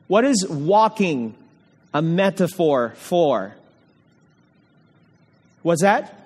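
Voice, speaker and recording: Male preacher, higher voice, slow and deliberate, reads scripture and quizzes the flock; long hall reverb. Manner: asks the congregation questions, repeats key words. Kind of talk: evening sermon with scripture reading.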